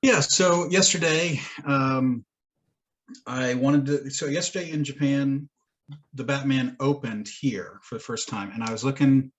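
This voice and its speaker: Husky man rambling through a story. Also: medium pitch, a little slow. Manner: rambling storyteller, swears and laughs often. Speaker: podcast co-host. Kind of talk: casual chat.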